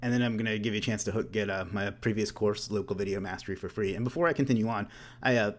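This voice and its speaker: A man's voice: on the low side, quick pace. A man in his late thirties hosting a casual webinar, talking loosely with joking, self-deprecating asides. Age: late 30s. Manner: loose and conversational, with restarts. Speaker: webinar host.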